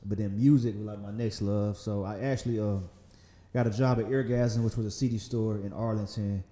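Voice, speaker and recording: A man in his thirties with a light Southern accent, a podcast guest talking in a relaxed, rambling way, often laughing and saying "man". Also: fairly low pitch, fairly quick, reverberant. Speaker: magazine founder, podcast guest. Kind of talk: casual interview conversation. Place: podcast studio.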